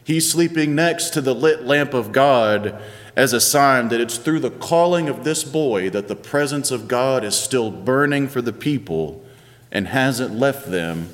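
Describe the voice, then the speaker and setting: A man's voice: medium pitch, lively intonation, a little slow. Male pastor, 30s, chatty storytelling sermon, long church reverb. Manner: conversational, playful storytelling with varied pace.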